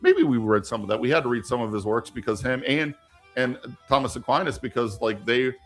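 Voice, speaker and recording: A man's voice: mid-range voice, brisk, soft background music. A young man from rural southern Ohio hosting a casual live-stream Q&A, rambling and argumentative with many restarts. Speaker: livestream host answering viewer questions. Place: home room with icons on the wall.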